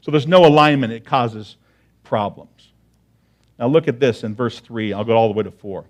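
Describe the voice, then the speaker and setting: A man's voice: medium pitch, moderate pace. A man preaching a sermon to his congregation in a conversational way, often checking in with "right?" and repeating key phrases for emphasis. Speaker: pastor.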